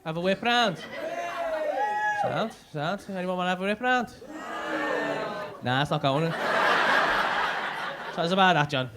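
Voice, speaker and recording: High-voiced swearing comic. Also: male voice, a little slow, long pauses. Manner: crude, swearing, animated storytelling. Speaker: stand-up comedian. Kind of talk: stand-up set with crowd work. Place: comedy club stage. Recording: reverberant club hall with crowd noise.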